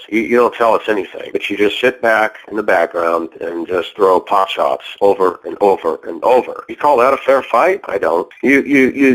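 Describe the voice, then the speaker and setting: A man's voice: fairly low pitch, fairly bright tone, poor audio. A man hosting a call-in show, lecturing and confronting a caller in a heated argument.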